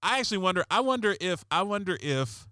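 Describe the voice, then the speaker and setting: A man's voice: high-pitched, big pitch swings, fast talker, bright, forceful tone, clean tone, no echo. A man doing a sarcastic, rambling comedic monologue as host, often restarting his sentences.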